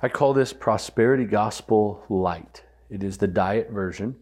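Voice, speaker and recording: A man's voice: lowish voice, measured pace, darkish tone. A man speaking as a guest on a podcast, earnestly teaching and repeating phrases for weight.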